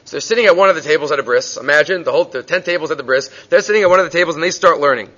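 Animated man teaching a Talmud class. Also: a little high, racing. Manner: animated storytelling, acting out voices in quotes. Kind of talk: Gemara class lecture. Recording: dull lo-fi recording.

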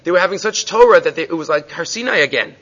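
A man teaching a Gemara class, telling the stories with animated voices for the people in them. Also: on the high side, fast, slightly rough. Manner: animated storytelling, acting out voices in quotes. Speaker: Talmud teacher. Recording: dull lo-fi recording.

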